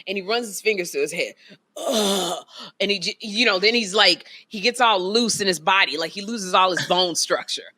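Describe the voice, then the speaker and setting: A middle-aged American woman co-hosting a podcast, chatting casually and acting out family stories with loud, animated quoted voices. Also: medium pitch, brisk, hardly any pauses, dry recording. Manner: animated storyteller, acts out quotes loudly. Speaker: podcast co-host. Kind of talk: casual comedic chat.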